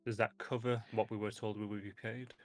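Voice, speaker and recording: A man playing a tabletop game who speaks calmly and deliberately. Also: fairly low pitch, soft background music. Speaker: player.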